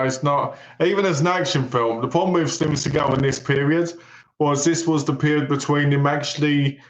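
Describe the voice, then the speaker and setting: A man, co-host of a film podcast, animatedly retelling a movie plot in casual chat and quoting its characters. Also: mid-range voice. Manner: animated storyteller, retells plots with quoted lines. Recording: roomy echo.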